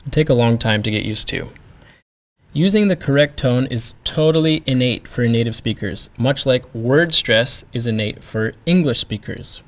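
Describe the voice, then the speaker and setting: A man's voice: medium pitch, animated, normal speed. A man teaching pronunciation, carefully demonstrating each sound. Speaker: language teacher. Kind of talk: pronunciation lesson.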